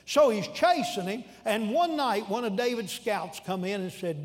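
Preaching a sermon, a man with a very high voice retells stories in a folksy, animated style that bursts into loud shouts. A long reverb rings around him, like a large church hall, and he moves at a moderate pace with hardly any pauses.

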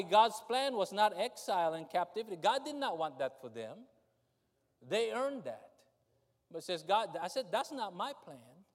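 A man preaching a sermon with fervent, pleading delivery, rising to loud high cries. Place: large church hall. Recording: reverberant church hall.

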